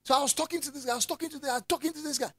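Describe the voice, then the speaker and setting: A man preaching a lively sermon, swinging from loud calls to soft asides and laughing often. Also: very high-pitched, racing, dry recording.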